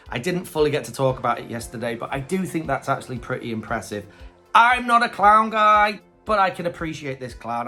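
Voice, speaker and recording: Chatty, lively male reviewer. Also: a little high. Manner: chatty, hesitant opinions. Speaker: host. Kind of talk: casual review commentary.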